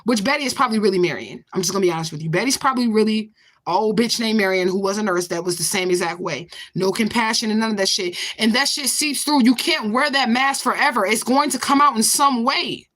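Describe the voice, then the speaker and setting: A woman's voice: mid-range voice, fast talker, fairly bright tone. A woman in her forties in a confrontational, profane vlog rant, answering a commenter with repeated questions. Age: 40s. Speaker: vlogger. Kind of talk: ranting to camera.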